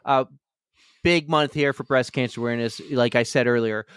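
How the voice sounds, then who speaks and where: A man's voice: medium pitch, brisk, fairly bright tone, clean tone, no room sound, clean studio sound. A man with a Boston accent co-hosting a casual running podcast, upbeat and rambling. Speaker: podcast co-host.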